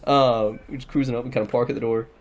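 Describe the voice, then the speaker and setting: A man's voice: mid-range voice, fast talker, slight background noise. A young man telling a rambling, profane story in a casual chat with friends. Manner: rambling, profane, animated anecdote. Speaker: podcast regular.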